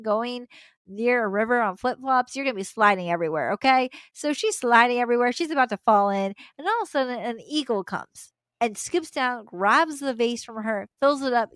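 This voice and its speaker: A woman's voice: on the high side, a bit bright, no echo. A young adult woman, a podcast host, retelling a story casually with slangy asides and frequent laughter.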